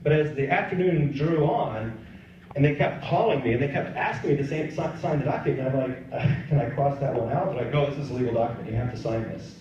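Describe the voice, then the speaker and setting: A man's voice: mid-range voice, fast, a little mellow, a little hiss or hum. A man who is a pro-life missionary, telling his personal testimony conversationally and acting out the dialogue. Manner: conversational, acts out dialogue in quotes. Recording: distant, echoey, dull-sounding room recording.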